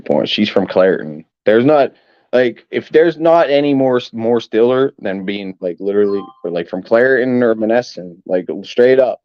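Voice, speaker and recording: A rambling, profane man, talking to his livestream chat in a lowish voice and coughing now and then. The sound is dull and completely dry, close to a cheap home mic. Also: expressive, moderate pace, no room sound. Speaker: sports fan livestream host.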